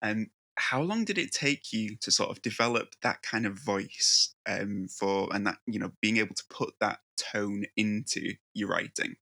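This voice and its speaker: A male host asks long, hesitant questions in a relaxed interview. His voice sits low, with a gravelly fry and a bright, forceful edge. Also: moderate pace, few pauses. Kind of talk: casual interview chat.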